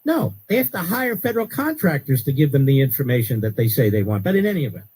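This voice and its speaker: A man hosting a talk radio show, delivering an emphatic political commentary monologue that rises to sharp outbursts. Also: big pitch swings, fast talker, breathy edge, poor audio. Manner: emphatic, rising to sharp high-pitched outbursts.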